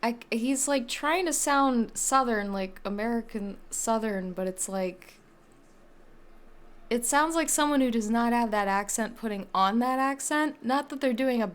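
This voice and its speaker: A woman's voice: a little high, a little slow. A woman streaming a game, chatting casually, laughing and swearing now and then. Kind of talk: casual gameplay commentary.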